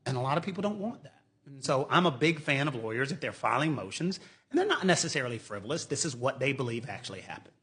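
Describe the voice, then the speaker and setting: A man's voice: medium pitch, fast talker. A middle-aged man, a lawyer, giving casual legal commentary and acting out quotes in mocking voices. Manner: animated, mocking, acts out quotes.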